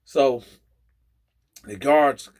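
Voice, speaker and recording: A man telling a story in a casual storytime vlog, animated and acting out the people in it. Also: medium pitch, extremely slow.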